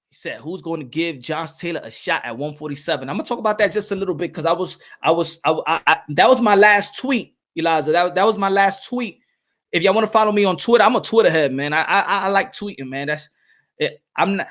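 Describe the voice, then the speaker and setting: A man hosting a casual boxing livestream with a high, bright voice. He talks in an excitable, slangy way and often breaks into shouts. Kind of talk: casual livestream chat reading viewer comments.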